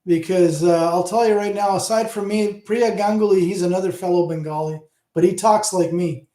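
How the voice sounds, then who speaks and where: A tipsy man in his fifties with a Canadian accent hosts a loose livestream chat, rambling and swearing as he goes. His voice sits fairly high yet sounds warm and mellow. The room around him is echoey. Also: steady tone, normal speed. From Hamilton, Ontario, Canada. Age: 50s. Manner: rambling, profane, chatty. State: tipsy from drinking. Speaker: livestream host. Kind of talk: casual livestream chat with viewers.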